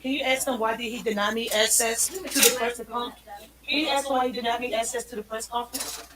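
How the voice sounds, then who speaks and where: A woman's voice: on the high side, steady tone, fast talker, heavy background noise. A woman reporting live as a citizen journalist, talking emphatically with her voice often raised. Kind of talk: live-streamed street vlog.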